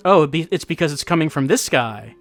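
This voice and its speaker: A man's voice: fairly high pitch, animated, fairly quick. A man giving casual gameplay commentary as host, wry and musing, thinking aloud as he plays. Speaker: let's-play host. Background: faint game music.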